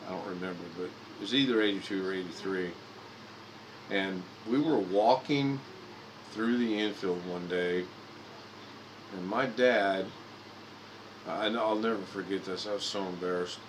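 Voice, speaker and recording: A man's voice: sits low, a little slow, pauses often, a little hiss or hum, poor audio. A man in his fifties from Indiana, livestreaming and telling rambling personal stories with frequent restarts and self-corrections. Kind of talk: casual storytelling monologue.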